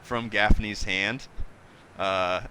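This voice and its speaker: A man's voice: on the low side, steady tone, extremely slow, crowd noise. A man running a tabletop game as game master, loose and joking, laughing often.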